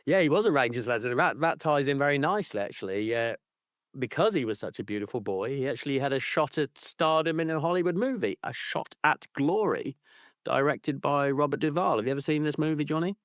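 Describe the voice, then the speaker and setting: A man co-hosting a casual podcast chat, animated and laughing, swearing freely. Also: on the high side, a little fast, dry recording, clean studio sound. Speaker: podcast co-host.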